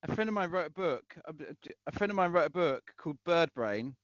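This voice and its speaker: A man guest in casual talk-radio chat, speaking haltingly with frequent restarts. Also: a little high, animated, dry recording. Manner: halting, many restarts and repeats. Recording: muffled lo-fi audio.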